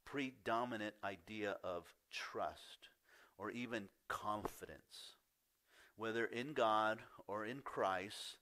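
A pastor delivering a sermon in a low-pitched male voice. He reads scripture and then shifts into candid, conversational storytelling. His voice swings up when he gets worked up and falls quiet and soft on the points he wants to stress.

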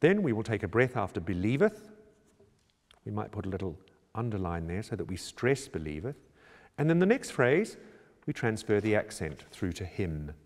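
A man working as a choir director, calmly explaining how to prepare a choral score in a measured, instructional way. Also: lowish voice. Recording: reverberant room with long echo.

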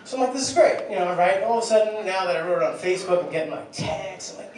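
A man's voice: high-pitched, expressive, quick pace, few pauses. A young man doing a stand-up set in a comedy club, telling a crude, rambling, self-deprecating story. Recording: distant, very echoey club recording with loud crowd.

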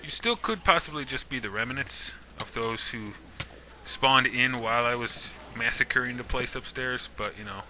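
Gaming YouTuber, male, bright and sharp tone, playful mock threats at mobs. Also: mid-range voice, normal speed, a little hiss or hum. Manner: talks to game mobs, mock-menacing and jokey. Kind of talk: casual let's-play commentary.

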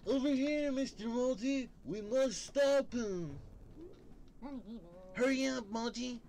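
A man voicing an excitable young male animal friend in a game, sounding urgent and alarmed. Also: extremely high pitch, slow pace, creaky, slight background noise, pitched above the performer's own voice, heavily acted.

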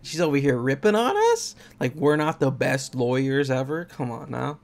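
Playing through a game, this man reads its lines aloud in plain voices and cracks jokes about them. His medium-pitched voice is a little mellow with vocal fry, moving at normal speed with few pauses.

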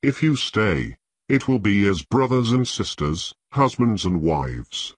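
Brief: male narrator reading a young queen, commanding and resolute; husky low voice, swinging pitch, dry sound, solemn measured delivery. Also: big pitch swings, no echo, exaggerated voice.

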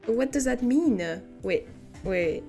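A young woman with a French accent, not a native English speaker, reads a story aloud on stream and drifts into giggly, amused asides. Her fairly high voice is animated, slow and mellow, with soft music playing behind her.

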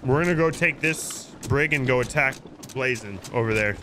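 A male streamer giving live gameplay commentary, excitable and full of indignant outbursts as he talks to his chat. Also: medium pitch, normal speed, noisy background.

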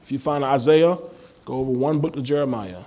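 A man's voice: medium pitch, brisk, dark tone. A male pastor preaching a sermon in a church, emphatic and full of call-and-response questions to the congregation.

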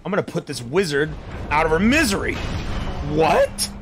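A man's voice: on the high side, quick pace, background noise. A young man casually commenting on his game stream. He rambles, swears freely and yelps in surprise at what happens on screen. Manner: excitable, rambling and profane; exclaims loudly at game events.

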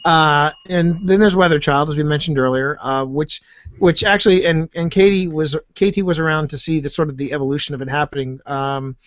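A man with an American accent, chatting as a podcast guest in a jokey way with quick restarts. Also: on the high side, steady tone, no echo. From United States. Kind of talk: casual conversation. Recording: dull lo-fi dry sound.

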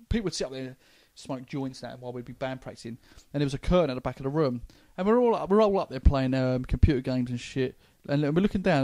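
A man's voice: mid-range voice, dark tone, dry recording. A young man with a London accent, co-hosting a comedy podcast, telling stories in a rambling way full of restarts. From England. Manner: rambling storyteller, stumbles and restarts. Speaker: podcast co-host. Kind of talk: casual comedy chat.

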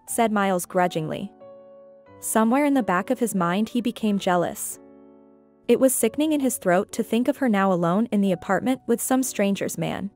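A woman narrating a scripted story in an even, measured way. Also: mid-range voice, soft background music.

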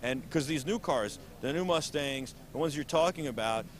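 A man's voice: fairly high pitch, moderate pace. A man hosting an auto show interview, talking eagerly and animatedly and often repeating words. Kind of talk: enthusiastic interview. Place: busy convention hall booth.

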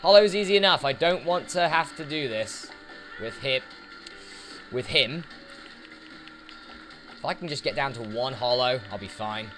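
A man's voice: medium pitch, animated, measured pace, long pauses. A man giving casual let's play commentary, chatting to the enemies on screen as he plays, with game music behind him. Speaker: gaming YouTuber.

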